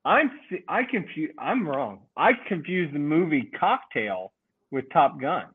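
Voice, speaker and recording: A man's voice: a little high, big pitch swings, measured pace, husky. A man co-hosting a podcast, casually telling a rambling story, swearing and laughing often. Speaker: podcast co-host. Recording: phone-like lo-fi radio sound.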